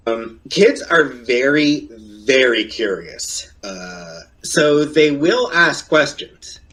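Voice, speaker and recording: A man's voice: animated, drawn-out words, fairly bright tone. A man streaming and chatting casually, rambling and hesitant with filler words. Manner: rambling and hesitant, with sudden high leaps of pitch. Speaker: streamer in a reacted-to clip.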